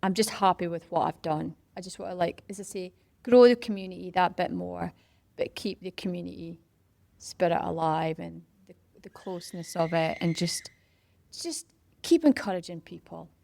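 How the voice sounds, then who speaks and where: With a fairly low, gravelly voice at a moderate pace, a middle-aged woman from Scotland talks casually in an interview about how she started parkrun as a community run. She's an animated storyteller who acts out quoted voices, and there's no echo.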